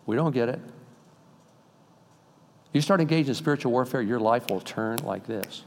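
An older male pastor delivers a sermon in a church sanctuary, his medium-pitched voice rising to loud, emphatic peaks and then dropping to quiet, intimate asides. The sound carries a long reverb from the large hall. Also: lively intonation, moderate pace, vocal fry.

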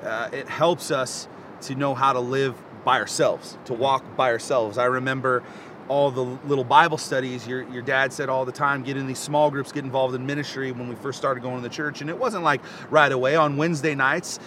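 Bright, animated male co-host, rambling casual talk, faint street rumble. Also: brisk. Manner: animated, rambling, laughs often. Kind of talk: casual chat.

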